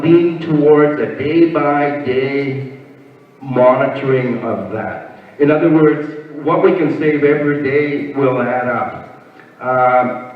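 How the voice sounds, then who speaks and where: A man running for council answers a question in a plain, slightly hesitant way. He is far from the mic in a large hall with long reverb, and the sound is dull. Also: on the high side. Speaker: municipal candidate. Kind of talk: answering a question at a public meeting.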